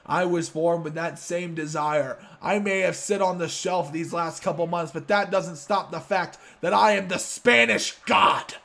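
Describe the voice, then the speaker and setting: A man's voice: sits high, steady tone, unhurried, creaky, hardly any pauses, pushed and bright, exaggerated voice. A man doing an arrogant wrestler challenger. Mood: defiant. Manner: sarcastic, self-aggrandizing boasts. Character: arrogant fiery young male wrestler challenger. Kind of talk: wrestling promo role-play over a video game.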